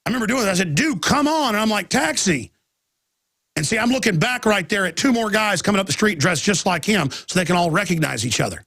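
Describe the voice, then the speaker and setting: Gravelly high-pitched man ranting on talk radio. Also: lively intonation, fast, hardly any pauses, sharp tone, no room sound. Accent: Texan. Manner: rambling storytelling with quoted voices, restarts. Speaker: radio talk show host. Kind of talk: live talk radio monologue.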